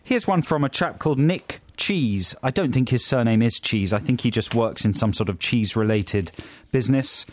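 A man's voice: medium pitch, moderate pace, hardly any pauses. A man co-hosting a casual chat show, reading listener emails with giggly, playful banter. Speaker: podcast co-host.

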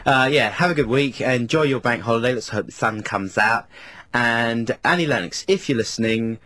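A man's voice: mid-range voice, moderate pace, pushed and bright. A man hosting a radio show, chatty and self-mocking. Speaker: radio DJ and co-host. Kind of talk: casual radio banter.

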